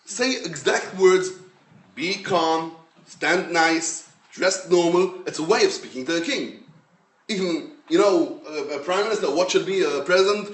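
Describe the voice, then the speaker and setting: A man, a rabbi giving a Torah lecture in English, his language being Hebrew, with an emphatic, animated storytelling manner. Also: high voice. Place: lecture room. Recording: roomy echo, mic at a distance.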